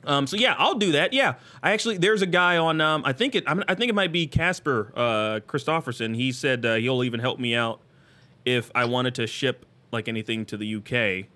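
A man hosting a casual live stream chat, excitable and jokey, often jumping into goofy high-pitched bits. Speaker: stream host.

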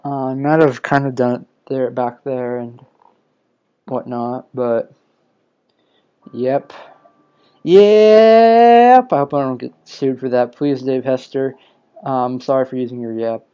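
A man's voice: mid-range voice, little pitch movement, normal speed, mellow, clean tone. A man hosting a casual solo live podcast, rambling and self-deprecating, a little sleepy. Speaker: podcast host. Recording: lo-fi dull audio.

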